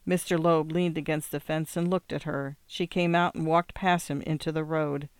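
A reader giving measured, scripted narration of a novel. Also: mid-range voice, level tone, smooth, dry recording. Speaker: audiobook reader.

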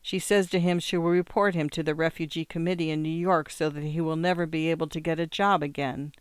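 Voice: medium pitch, fairly even intonation, fairly quick, clear, resonant tone, no echo, lightly acted. A reader voicing a blunt German housekeeper woman who speaks broken English in a shrugging, plain-spoken way. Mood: indignant.

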